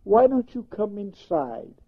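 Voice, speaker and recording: An older man voicing a kind, gentle lady who takes in a stray kitty, in a soft coaxing manner. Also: high-pitched, big pitch swings, takes it slowly, slightly rough, voice pushed up, exaggerated voice. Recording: tinny phone-like sound.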